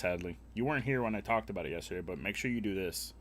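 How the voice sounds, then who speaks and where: A man's voice: lowish voice, expressive, fast, gravelly, hardly any pauses, a bit bright. A young man live-streaming a game, chatting casually with viewers in a crude, joking, rambling way. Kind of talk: casual gaming stream chat.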